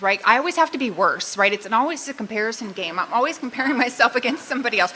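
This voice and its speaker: Bright, candid middle-aged woman. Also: fairly high pitch, expressive, very fast, slight background noise, poor audio. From Southern California. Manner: candid and self-mocking, laughs often. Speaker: speaker sharing a recovery story. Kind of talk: personal testimony talk.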